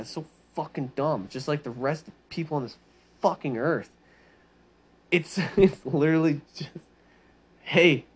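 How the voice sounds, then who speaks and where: A man ranting in a rambling monologue, swearing constantly and mocking people with heavy sarcasm. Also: mid-range voice. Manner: rambling, animated storytelling. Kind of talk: profane monologue rant.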